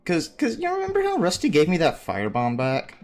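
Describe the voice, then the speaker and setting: A tabletop player in casual chat who eagerly plans moves out loud. The voice sits at a middle pitch and moves in lively swings. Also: fairly quick. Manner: eager, planning moves aloud.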